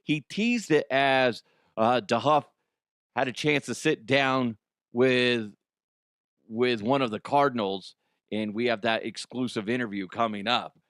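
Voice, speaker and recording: A man's voice: mid-range voice, unhurried, a bit bright, dry recording, clean studio sound. A man hosting a comedy news show, chatting casually, swearing and laughing often at himself. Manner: laughs often, profane, self-mocking.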